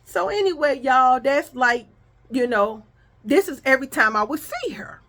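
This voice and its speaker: Woman vlogger with a higher voice, telling a lively, profane story and acting out arguments. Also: normal speed. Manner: animated, profane, acts out quoted arguments. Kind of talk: casual storytelling to viewers.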